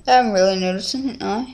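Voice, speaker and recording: A woman's voice: mid-range voice, noisy background. A teenage girl, rambling through a casual confessional vlog at home, full of fillers and restarts. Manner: rambling, scattered, many fillers. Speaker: vlogger.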